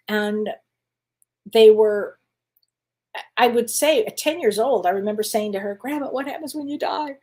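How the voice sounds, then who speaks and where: A woman's voice: a little high, a little mellow. Chatty, reassuring woman psychic host. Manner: chatty, reassuring, laughs often, many fillers and restarts. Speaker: psychic host answering viewer questions. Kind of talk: live-stream Q&A chat.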